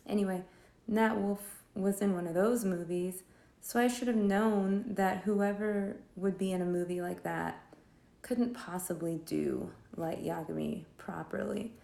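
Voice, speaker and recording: A woman with a gravelly, mellow voice talks in a loose, rambling way, with a steady stream of "like" and exasperated sarcasm. She sounds like she is venting to friends in an echoey room. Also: mid-range voice. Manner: sarcastic, exasperated, filler-heavy with lots of "like". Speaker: vlogger reviewing films while drawing. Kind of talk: casual rambling film roast.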